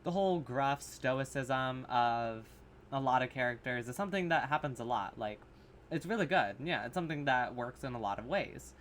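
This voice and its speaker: A man reviews a horror short in a loose, rambling monologue, with plenty of "like" and "um" and blunt swearing. His voice sits at a middling pitch, picked up by his camera's mic over a faint background hiss. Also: expressive, normal speed, a bit bright. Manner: rambling, filler-heavy, swearing, sarcastic. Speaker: horror reaction vlogger. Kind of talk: casual rambling commentary.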